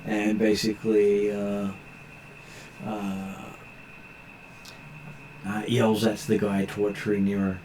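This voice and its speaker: A man narrating as game master of a tabletop game, pausing often on fillers as he describes the scene. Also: lowish voice, completely flat delivery, mellow. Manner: halting, many filler pauses. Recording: echoey room with faint noise.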